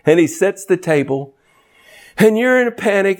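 Preacher: man, fairly high voice, folksy fervent sermon that climbs into shouting. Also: animated, moderate pace.

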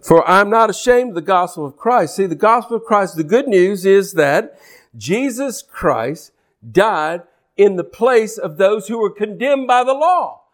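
A man's voice: high voice, expressive, a little slow. A man preaching a sermon with passion, repeating and restarting his phrases and acting out the speech he quotes.

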